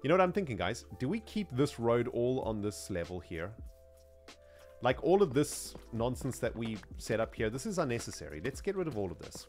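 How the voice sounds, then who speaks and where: A South African man streaming gameplay, chatting casually in an animated, slangy way and laughing often. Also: mid-range voice. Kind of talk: casual gameplay livestream chat.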